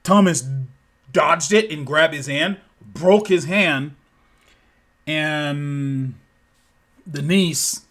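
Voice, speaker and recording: A man spinning a story off the cuff, profane and rambling. He mouths the thud sounds himself and keeps circling back. His voice sits a little high for a man. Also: extremely slow, long pauses, fairly bright tone. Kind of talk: casual improvised storytelling.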